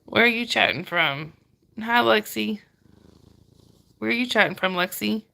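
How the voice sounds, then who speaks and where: A woman's voice: medium pitch, a little slow, creaky, bright, forceful tone. A woman with a Southern US accent from Georgia, hosting a casual livestream and greeting viewers by name. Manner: chatty, greets viewers by name, laughs often. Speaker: livestream host. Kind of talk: casual live chat reading viewer comments.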